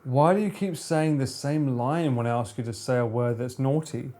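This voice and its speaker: A man's voice: mid-range voice, normal speed, mellow, a little hiss or hum. Joking streamer man. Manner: joking, banter with chat, sudden laughs. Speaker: livestreamer. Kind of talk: casual live-stream chat.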